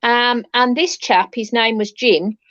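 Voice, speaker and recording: A woman on a paranormal chat panel, telling a lively anecdote and repeating phrases as she goes. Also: on the high side, measured pace, dry recording, dull audio. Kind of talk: casual chat.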